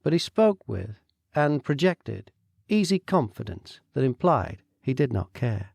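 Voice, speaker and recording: A male narrator reads a dark comedy with a wry, measured delivery. His voice carries a gravelly grain and an animated lilt. It sounds close and dry, with no room around it. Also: medium pitch, dry recording. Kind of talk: audiobook narration.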